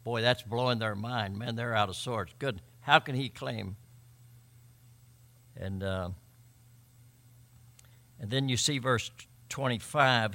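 A man preaching a sermon, emphatic, swinging between loud and quiet and often repeating words. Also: fairly low pitch. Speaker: pastor.

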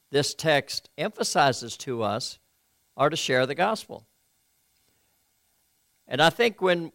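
Gravelly-voiced preacher man. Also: a little high, fairly bright tone, dry recording. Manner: earnest, measured preaching with hesitant fillers. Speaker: pastor. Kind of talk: sermon with scripture reading.

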